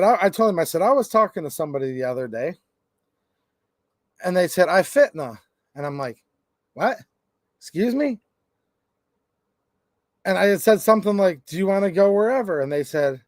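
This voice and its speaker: The host of a gun rights channel chats casually on a livestream, rambling and joking while reading out comments from the chat. His voice sits high but has a darkish tone, recorded in clean studio sound with no room ambience.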